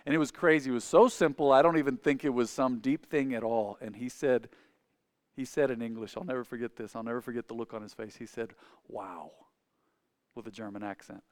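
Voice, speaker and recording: A pastor preaches to his congregation conversationally, asking them questions and shifting between loud, emphatic points and quiet asides. He has a mid-range voice, talks fast, and the recording is dry.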